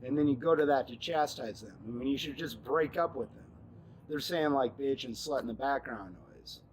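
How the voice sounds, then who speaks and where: A man in his forties ranting at the camera, angry and mocking, often shouting. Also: medium pitch, normal speed, roomy sound, a little hiss or hum, low-quality recording. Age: 40s.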